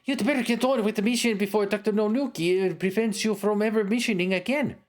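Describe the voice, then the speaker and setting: A man voicing a nervous female spy posing as a shop clerk, speaking in a shaky, halting, stammering way as he reads game dialogue aloud. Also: high voice, pitched above the performer's own voice, natural voice. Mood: sharp. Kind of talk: reading a game's dialogue aloud.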